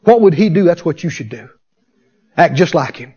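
Man preaching, very high voice, lively swooping pitch, fervent call-and-response, dull lo-fi recording. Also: normal speed, husky. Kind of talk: sermon.

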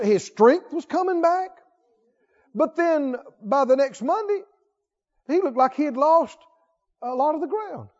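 A man preaching a sermon in a church, conversational and animated, building to emphatic exclamations. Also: very high voice. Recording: dull audio with long hall reverb.

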